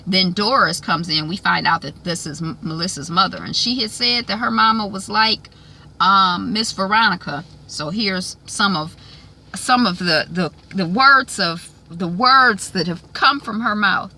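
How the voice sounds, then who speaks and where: Bright, chatty woman recapping TV. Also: medium pitch, a little slow. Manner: chatty and animated, acts out the scenes. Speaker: vlogger. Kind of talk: casual TV recap vlog.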